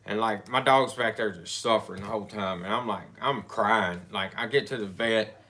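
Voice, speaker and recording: Bright-voiced man telling a story casually. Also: on the low side. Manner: rambling, halting, with many restarts. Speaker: storyteller in a couple's chat.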